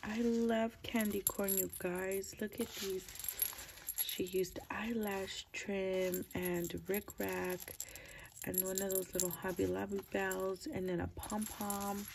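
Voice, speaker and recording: A woman chatting casually as she opens craft mail, gushing over each piece and keeping her voice low early in the morning. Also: level tone, slow pace, creaky, darkish tone, slight background noise. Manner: gushing, keeps low to avoid waking her child. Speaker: crafting vlogger opening mail. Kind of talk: casual unboxing chat.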